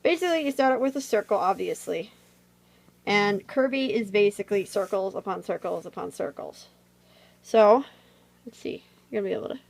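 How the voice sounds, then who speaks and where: A woman talks her way through a drawing tutorial in a loose, meandering chat, full of fillers. Her voice sits at an ordinary middle pitch. It is recorded on a phone camera. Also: lively intonation, moderate pace, creaky, low-quality recording. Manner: rambling, chatty, many fillers.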